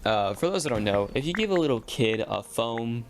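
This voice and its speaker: A young man telling a school story in a casual, rambling way while gaming, slipping into quick voiced quotes. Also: mid-range voice, big pitch swings. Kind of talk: casual storytime over gameplay.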